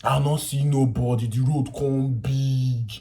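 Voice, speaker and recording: Young Nigerian man, mid-pitched voice, vlogger telling an animated, laughing story. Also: measured pace. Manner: animated, laughing, swings from loud to quiet. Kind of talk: casual storytelling in pidgin.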